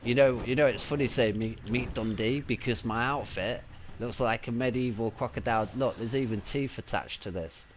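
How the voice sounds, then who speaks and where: A man giving casual, excitable live commentary while streaming a video game. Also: medium pitch, moderate pace, a little hiss or hum.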